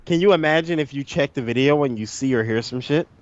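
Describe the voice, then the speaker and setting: A jittery young co-host in casual chat, swearing and saying "dude" often. His sound is muffled and lo-fi with no room echo, and his pitch is mid-range. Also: quick pace.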